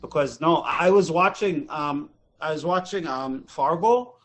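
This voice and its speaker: A Canadian man co-hosting a joking chat, loud and rowdy, breaking into shouts as he tries out accents. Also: fairly high pitch, measured pace, poor audio. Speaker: podcast co-host.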